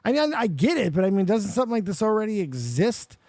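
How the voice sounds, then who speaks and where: Hosting a live show at a quick pace, a high-voiced young man tells stories and reacts, swearing animatedly and growing more worked up as he goes. The sound is dry and close, entirely free of room echo.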